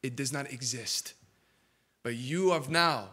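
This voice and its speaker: A male pastor preaching a sermon in a church, moving from hushed asides to loud, emphatic build-ups. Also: medium pitch, takes it slowly, pauses often, slightly rough. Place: church sanctuary.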